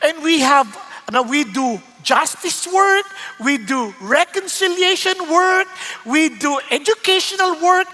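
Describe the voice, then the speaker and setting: A woman's voice: sits high, animated, a little slow, sharp tone, in a large hall, exaggerated voice. A woman with a Filipino accent quoting an enthusiastic male pastor in a story, stretching out words for emphasis. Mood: emphatic.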